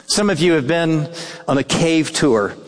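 A man preaching a sermon in an earnest way, dropping to soft, hushed tones when he quotes. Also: fairly high pitch, expressive, unhurried, big-room sound. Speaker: pastor.

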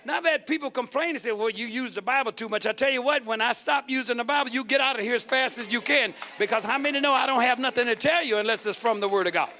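A middle-aged male pastor preaching a sermon with call-and-response, rising to shouts. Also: very high-pitched, fast, few pauses.

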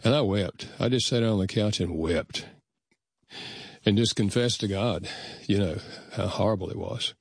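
An older man, a guest author, telling personal stories in an earnest, measured way and acting out remembered conversations. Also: lowish voice, breathy edge, no room sound, studio quality. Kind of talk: reflective storytelling in conversation.

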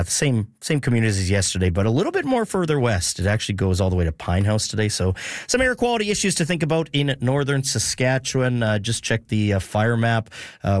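A man's voice: mid-range voice, dry recording, clean studio sound. A man hosting a radio show, talking casually and chatting with frequent fillers. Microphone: studio microphone.

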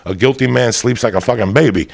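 A man telling a profane stand-up story, rowdy and swinging into loud high-pitched outbursts. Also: fast talker, creaky. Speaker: comedian. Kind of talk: stand-up storytelling to a live audience.

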